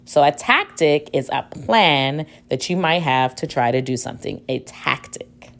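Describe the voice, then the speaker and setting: A woman teacher with a bass voice, lively intonation, and vocal fry gives a spelling dictation lesson. She speaks with care, repeating each word and spelling it one letter at a time.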